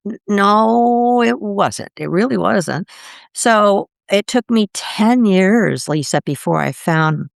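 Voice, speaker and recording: Podcast guest, older woman, low gravelly voice, lively storyteller who voices the people she quotes, dry close sound. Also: takes it slowly, dry recording. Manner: animated, acts out quoted voices with big pitch jumps. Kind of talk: conversational storytelling.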